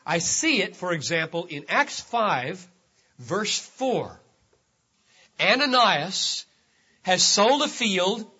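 A man's voice: sits high, sharp tone, breathy edge, muffled recording. A man preaching a sermon as pastor, stressing key words and repeating phrases, his voice rising sharply on them.

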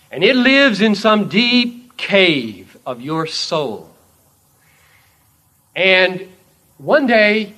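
A man preaching a sermon in a church, telling a story dramatically and swinging from loud declarations to hushed asides. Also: high voice.

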